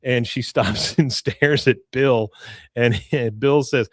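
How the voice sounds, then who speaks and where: A male podcast host recapping a cartoon episode in a casual, animated way, acting out the characters' lines. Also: mid-range voice, slow pace, no echo, studio quality. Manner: animated storytelling, acts out lines.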